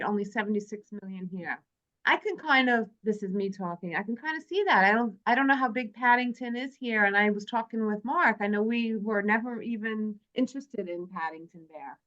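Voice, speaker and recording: Joking with friends and reading from her notes, a woman leads a chatty, casual movie club discussion. Her voice is a little high and a bit bright, heard through a dull lo-fi recording.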